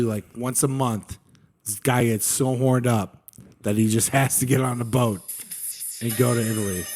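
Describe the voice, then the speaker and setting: A man's voice: mid-range voice, darkish tone. A young man co-hosting a podcast, telling history in a casual, profane, slangy way and saying "dude" a lot. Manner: slangy and profane, says "dude" often, acts out quotes. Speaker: podcast co-host.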